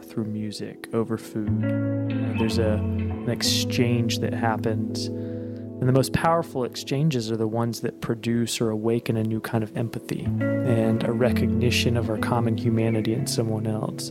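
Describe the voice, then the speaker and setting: A measured, earnest man speaks reflectively at a mid pitch. Loud plucked guitar music plays underneath his voice the whole time. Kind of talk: reflective conversation.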